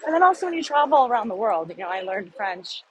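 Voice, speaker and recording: A woman's voice: a little high, sing-song, quick pace, a little hiss or hum, low-quality recording. An American woman vlogging casually while walking city streets, rambling and self-deprecating, recorded on a phone. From United States.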